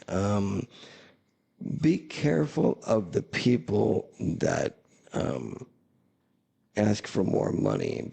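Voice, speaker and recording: A man's voice: mid-range voice, creaky, darkish tone, breathy edge. A man hosting a casual chat, talking in a blunt, sarcastic, rambling way. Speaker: host.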